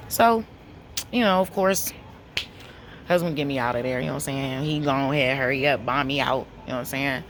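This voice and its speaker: A woman's voice: extremely low pitch, brisk, noisy background. Blunt, profane woman telling a story. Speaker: vlogger. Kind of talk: casual storytelling to camera.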